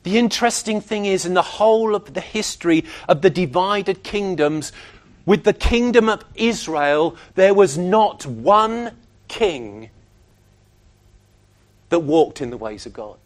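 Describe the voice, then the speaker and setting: Preacher with a very high voice for a man. He delivers a sermon with emphatic, animated energy, slipping into other people's voices to make a point. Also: unhurried.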